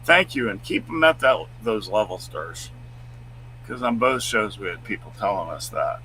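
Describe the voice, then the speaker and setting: A man co-hosting a live stream, chatting casually and reading out news stories in a loud, booming voice. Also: expressive, normal speed, slight background noise, rough recording. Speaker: co-host.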